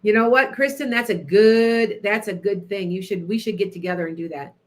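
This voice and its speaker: A middle-aged woman chats through a story on her radio show. Her pitch sits mid-range. She sounds animated, laughs often and speaks to listeners by name. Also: a little fast. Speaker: radio show host, psychic.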